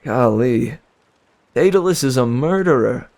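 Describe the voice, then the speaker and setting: A young man in his twenties chats with his livestream viewers between chapters. He talks slowly and rambles, with slangy asides and frequent laughs. His voice carries a gravelly, creaky texture. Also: mid-range voice, darkish tone. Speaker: livestream book reader. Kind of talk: casual chat with viewers.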